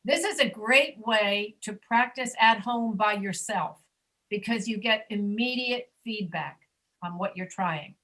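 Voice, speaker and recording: A woman's voice: medium pitch, sharp tone. Patient woman teaching pronunciation. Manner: patient, corrective, models sounds slowly. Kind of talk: online pronunciation class. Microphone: video call.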